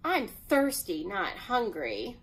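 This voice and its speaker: A woman voicing an excitable, boastful female pet alligator in a storybook reading. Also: mid-range voice, takes it slowly, pitched below the performer's own voice, full character voice.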